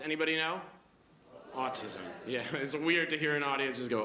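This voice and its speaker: A man in his late twenties telling a stand-up set, animated storytelling with mumbled asides. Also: mid-range voice, normal speed, roomy sound, very noisy. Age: late 20s. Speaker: stand-up comedian. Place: comedy club stage before a laughing audience.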